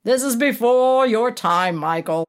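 A woman reading aloud voices a big middle-aged character actor, blunt and matter-of-fact, with crude jokes. Her delivery is slow and animated. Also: fairly high pitch, pitched above the performer's own voice.

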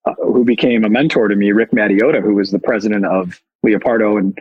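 Husky-voiced man. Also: on the low side, fairly quick, muffled recording. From Chicago. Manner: animated, candid, self-deprecating. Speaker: guest, company founder. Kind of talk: casual storytelling.

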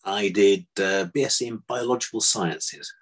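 An older man, a vet, telling stories from his past in a relaxed interview, with dry self-deprecating humour. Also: on the low side, normal speed. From England. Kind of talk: casual interview chat.

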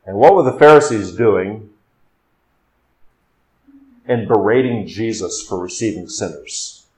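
A male pastor delivering an expository sermon, rising and quickening when he quotes scripture and dropping low and slow for emphasis. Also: a little mellow, poor audio.

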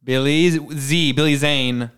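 A man's voice: mid-range voice, fairly even intonation, slow pace, fairly bright tone, clear, resonant tone. A man co-hosting a podcast, chatting casually and playfully, often laughing and trying out posh accents. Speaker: podcast co-host. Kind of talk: casual chat.

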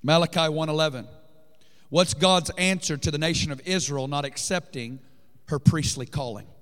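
A man preaching a fervent sermon to a congregation, building up to shouting peaks. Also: on the high side, normal speed. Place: large church hall. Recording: long reverb in a large hall.

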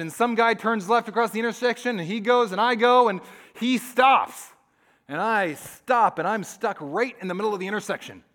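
A male pastor with a high voice delivering a sermon. He tells stories with animated energy, then drops to soft, hushed asides.

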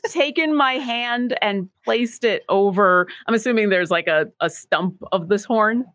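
A woman's voice: mid-range voice, measured pace, a bit bright, no echo. Woman player describing a spell. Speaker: tabletop player. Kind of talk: casual game chat.

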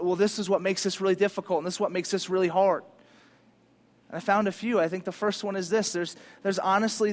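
A male pastor preaching a sermon in an animated, casual, conversational way, using slang. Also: high-pitched.

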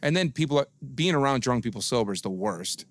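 A man's voice: mid-range voice, fast talker, no echo. A man who works as a DJ, telling drunk stories in a casual, crude chat and acting out the voices in them. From Dallas, Texas. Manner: laid-back, crude, animated impressions in stories. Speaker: podcast guest, DJ.

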